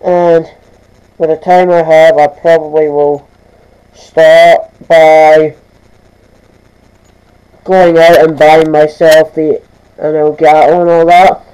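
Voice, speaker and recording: Teenage boy, stammering casual vlog, slightly high voice, mellow tone. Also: little pitch movement, slow pace, pauses often, clear, resonant tone, rough recording. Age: teens. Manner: stammering, restarting sentences. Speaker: vlogger. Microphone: camera mic.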